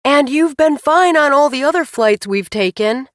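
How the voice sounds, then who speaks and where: A woman voicing a cheerful, eager husband who flies the plane and yells reassurances over the noise. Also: low-pitched, expressive, slow pace, dry recording, clean studio sound, full character voice. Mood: hollering cheerful. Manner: hollering over engine, upbeat and reassuring.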